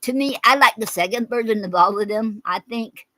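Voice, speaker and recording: A woman hosting a poetry show, reading her own poems aloud and talking between them with many pauses and fillers. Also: fairly high pitch, sharp tone, a little hiss or hum, low-quality recording. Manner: halting, many okays and ums between readings.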